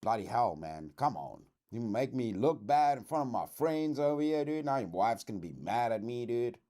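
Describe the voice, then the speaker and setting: A man from South Africa with a South African accent, hosting a casual livestream reaction chat in a slangy, swearing, animated way. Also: medium pitch, moderate pace. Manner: animated, slangy, says dude a lot, swears. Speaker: streamer host.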